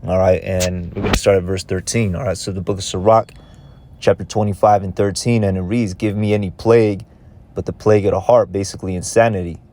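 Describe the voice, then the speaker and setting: A man's voice: deep voice, level tone, a little fast, warm tone, slight background noise. A man giving a casual, conversational scripture lesson in a loose, repetitive way of talking. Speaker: religious teacher.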